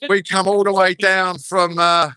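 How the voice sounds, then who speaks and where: An older man chatting bluntly into his phone at an outdoor march, his voice bright and forward. The sound is close and dry, with no room around it. He jokes and talks straight to his viewers. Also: high-pitched, flat delivery, measured pace, clear, resonant tone, no echo. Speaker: livestreamer at a march. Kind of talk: casual live-stream chat. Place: outdoors at a crowded street march. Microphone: handheld phone.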